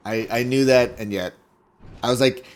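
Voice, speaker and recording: A man streams a video game, chatting with viewers in a rambling, jokey way and chuckling at his own jokes into a desk microphone. His voice is medium in pitch, steady in tone, and at normal speed.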